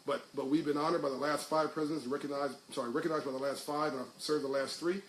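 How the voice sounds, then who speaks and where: A man's voice: a little high, fairly even intonation, quick pace. A middle-aged man talking casually to livestream viewers, reading their comments, rambling with restarts before he builds to fervent speech. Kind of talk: casual live talk to viewers. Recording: echoey room with faint hiss.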